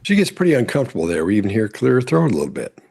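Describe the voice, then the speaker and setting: A man explains behavior cues in a calm, teaching tone. His voice is gravelly with a husky edge. He speaks like a commentator walking viewers through footage. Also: lowish voice, racing. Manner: explanatory, instructive. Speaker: body language analyst. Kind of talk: commentary over courtroom clips.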